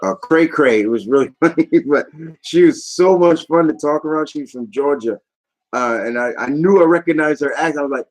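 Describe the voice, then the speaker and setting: A man's voice: a little high, a little fast, poor audio. A man chatting casually on his vlog, rambling enthusiastically and often trailing off mid-thought. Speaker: YouTube vlogger. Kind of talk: casual chat recap.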